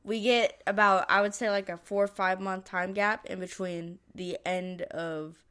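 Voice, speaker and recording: A woman's voice: medium pitch, fairly even intonation, unhurried, a bit bright, clear, resonant tone. A woman co-hosting a podcast, recapping a movie plot in a rambling, hesitant way and forgetting names. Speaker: podcast co-host. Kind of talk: casual movie review chat.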